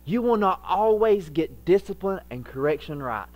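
Middle-aged guy preaching, animated, slips into little voices for stories. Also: sits high, moderate pace, poor audio. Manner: animated, acts out quoted voices. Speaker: pastor. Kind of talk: sermon.

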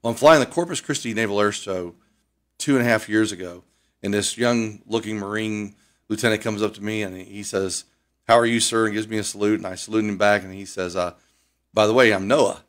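An older man from Ohio with an Ohio accent, a pilot guest on a radio interview, chatty and animated as he tells stories. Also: on the low side, fairly quick. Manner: chatty storyteller, animated, fond of doing accents. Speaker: air show pilot.

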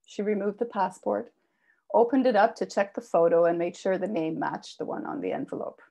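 A woman author reading a personal memoir aloud with expressive delivery. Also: mid-range voice, brisk, gravelly. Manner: expressive reading, raises voice for quoted shouts. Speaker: author reading her work.

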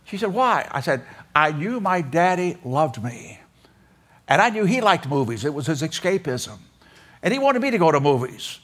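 An older man delivers a storytelling sermon to a chapel audience. His voice sits a little high for a man, and he tells homespun anecdotes, dipping into the voices of the people in them. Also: sing-song, normal speed, fairly bright tone. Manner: folksy, anecdotal, acts out voices in stories. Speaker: preacher speaking in a seminary chapel. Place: auditorium.

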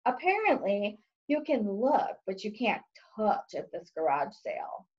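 A woman's voice: mid-range voice, big pitch swings, a little slow, highs cut off. A woman reading her own book aloud in a wry, sarcastic, exasperated tone. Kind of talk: audiobook-style reading.

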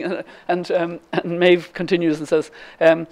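A woman's voice: on the low side, flat delivery, measured pace, hardly any pauses, a little mellow. An Irish woman in her seventies giving a lecture, telling a story with many ums and restarts. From Ireland. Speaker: guest speaker. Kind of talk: lecture with anecdote.

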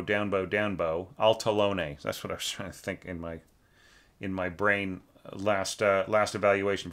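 A man's voice: on the low side, pushed and bright. A man teaching orchestration, giving a rambling, casual critique of a student's score, full of fillers and sung-out rhythms.

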